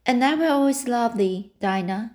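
A woman's voice: a little high, lively intonation, normal speed, darkish tone, close to an everyday voice. A woman reading the lines of a dramatic, romantic young girl, breathless and theatrically tearful. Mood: rapturous.

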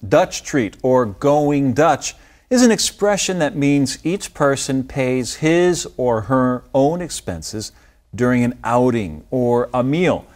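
A man's voice: medium pitch, expressive, slow pace, a little mellow. Man patiently explaining an idiom. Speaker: English teacher. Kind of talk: scripted language lesson dialogue.

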